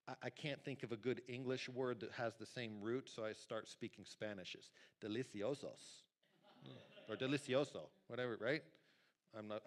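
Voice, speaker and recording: Guy preaching in church, chatty and lively, keeps asking the crowd stuff. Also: medium pitch. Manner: lively, conversational preaching with audience asides. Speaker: pastor. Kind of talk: sermon. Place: church sanctuary.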